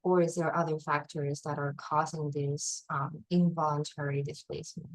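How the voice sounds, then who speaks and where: A woman's voice: low-pitched, little pitch movement, normal speed, no echo, poor audio. A woman presenting at a community meeting, posing a string of questions to the audience. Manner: inquisitive, asks rhetorical questions.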